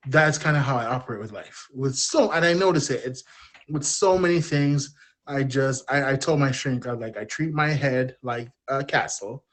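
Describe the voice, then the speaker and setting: A man in his thirties with a relaxed drawl, talking candidly as a podcast guest. He wanders from thought to thought and pokes fun at himself, at an everyday middle pitch. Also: moderate pace. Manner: open, self-deprecating, rambling. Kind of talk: candid personal storytelling.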